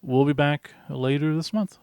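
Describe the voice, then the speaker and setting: A man's voice: fairly high pitch, normal speed, darkish tone, slight background noise. A man co-hosting a podcast, chatting casually and acting out little quoted exchanges as he rambles. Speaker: podcast co-host. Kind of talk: casual chat.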